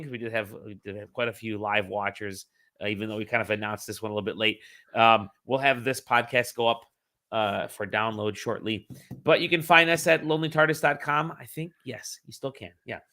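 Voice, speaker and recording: A man with a bright, forceful voice hosts a casual podcast. He talks in an easy, upbeat way and keeps the conversation moving. His voice sits at a middle pitch. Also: steady tone, brisk. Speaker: podcast host. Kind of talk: casual chat.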